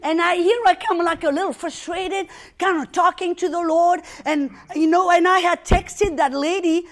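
A woman preaching, telling a personal story with lively, dramatic retelling and loud prayer declarations. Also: extremely high pitch, normal speed. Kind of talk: sermon storytelling.

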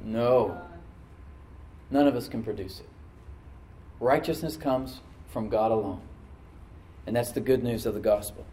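A man preaching a sermon, swinging between loud, emphatic surges and quiet, confiding asides, and calling on the congregation to answer back. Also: mid-range voice, unhurried, long pauses, echoey room, far from the mic, rough recording. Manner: calls for responses from the congregation. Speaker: pastor.

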